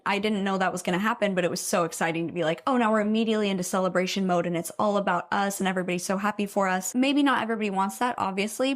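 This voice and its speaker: A young woman reading out stories and reacting to them, blunt and opinionated, swearing freely. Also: mid-range voice. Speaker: story reader and commentator. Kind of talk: casual reaction commentary.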